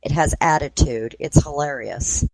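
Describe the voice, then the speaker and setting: A woman's voice: sits low, a little slow, a little mellow, no echo, poor audio. A woman guest on a radio talk show, a paranormal investigator who tells stories in a giggly way and often breaks into laughter. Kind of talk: casual radio chat.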